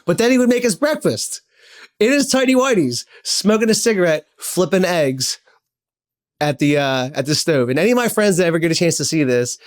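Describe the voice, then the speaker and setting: A man's voice: high-pitched, lively intonation, a little fast. A man in his forties telling personal stories in a heartfelt, rambling way, repeating himself and swearing casually. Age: 40s. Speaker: podcast host. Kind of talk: personal storytelling monologue.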